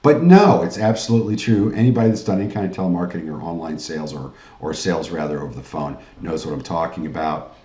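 Low dark-voiced man giving a sales training. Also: fast, echoey room, highs cut off. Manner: pushy salesman pep talk, frequent "guys" and "right?". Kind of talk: online training lecture.

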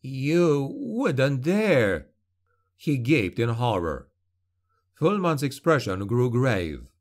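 A man reading a dark fantasy novel aloud in measured, dramatic narration. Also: medium pitch. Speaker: audiobook narrator.

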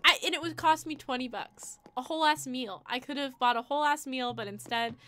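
A woman's voice: sits high, fairly quick, sharp tone, slight background noise. A young woman chatting casually on a livestream while she plays a game, rambling and giggling as she teases herself. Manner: giggly, rambling, self-teasing. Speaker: streamer. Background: game music.

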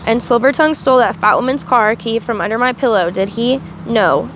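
A woman's voice: a little high, a little fast, slight background noise. A woman reading a novel aloud on a livestream, with small slips and restarts. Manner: reads with small slips and restarts, asides in between. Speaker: reader.

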